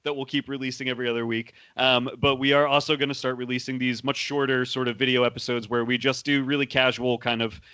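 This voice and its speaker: A man co-hosting a podcast from home in casual chat, quick, enthusiastic and self-deprecating. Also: mid-range voice, little pitch movement, bright, forceful tone, clean tone, no room sound. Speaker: podcast co-host.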